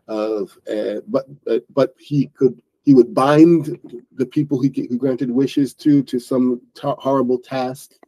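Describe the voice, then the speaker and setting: A man's voice: mid-range voice, dark tone, poor audio. A man hosting an online English book club, explaining a story in a loose, rambling way with many fillers and restarts. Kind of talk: casual explaining lesson.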